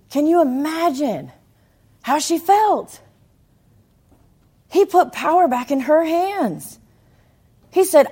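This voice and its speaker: A woman preaching a sermon, telling the story in an animated way, with emphatic lines that swing from loud to hushed. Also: high voice, takes it slowly, long pauses.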